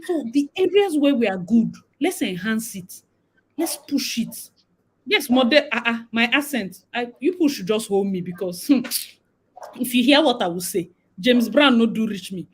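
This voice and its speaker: A young woman with a Nigerian accent hosts a relaxed live chat. Her voice sits a little high, and she talks in an animated way, mixing Pidgin phrases into her English. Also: moderate pace, slightly rough, low-quality recording. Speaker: livestream host.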